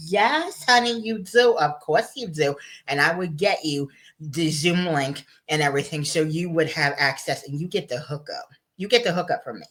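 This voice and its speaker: A man hosting a motivational vlog, talking in an excited, playful and chatty way, a little giddy and emotional. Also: on the high side. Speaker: motivational video host. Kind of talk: upbeat motivational vlog talk.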